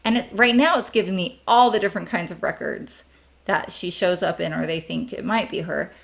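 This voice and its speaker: A young adult woman with a slightly low voice walks viewers through a screen-share tutorial. She talks in a chatty, friendly way, dropping in frequent ums as she teaches family history research. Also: brisk, gravelly.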